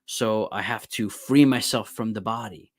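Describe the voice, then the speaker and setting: A man's voice: on the low side, moderate pace, no room sound, studio quality. A young man lecturing on theology in a casual, conversational way. He reads passages from a book aloud and comments on them with fillers and asides.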